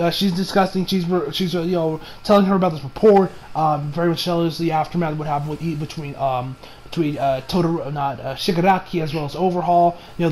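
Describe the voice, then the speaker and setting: Young male anime reviewer, high voice, rambling and laughing, faint background hiss. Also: a little mellow, rough recording. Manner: rambling, laughs often, swears. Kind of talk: casual episode review.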